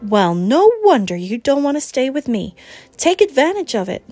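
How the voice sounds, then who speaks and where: Woman doing a bright outspoken best friend, teasing and emphatic, a bit higher than her reading voice. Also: big pitch swings, normal speed, faint music behind.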